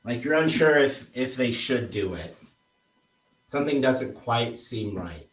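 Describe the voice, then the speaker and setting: A man coaching a trainee on sales scripts in a relaxed, casual way. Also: medium pitch, a little slow, far from the mic. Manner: relaxed, demonstrates tone with example phrases. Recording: roomy echoey recording.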